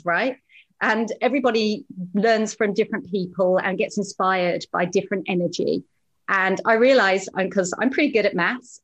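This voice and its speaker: A woman's voice: medium pitch, muffled recording. Earnest woman podcast guest. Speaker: podcast guest, program graduate. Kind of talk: casual interview.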